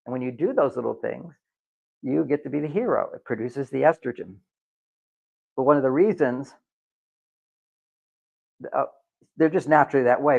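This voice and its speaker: A workshop speaker gives a live talk to an audience, lecturing and acting out quoted voices with lively swings. His voice is medium-pitched and gravelly, and the recording is muffled.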